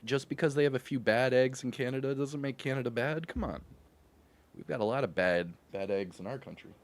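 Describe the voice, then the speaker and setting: Speaking fairly quickly at a medium pitch, a Louisville, Kentucky man hosts a gaming stream. He greets his chat in upbeat slang, laughs a lot, and keeps things casual with viewers.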